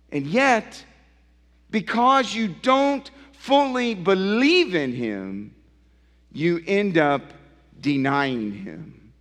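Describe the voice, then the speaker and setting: A male pastor preaching a sermon in a church, emphatic, building through repeated phrases and dropping low for effect. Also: fairly bright tone. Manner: emphatic, building repetition with dramatic drops. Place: church sanctuary. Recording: long church hall reverb.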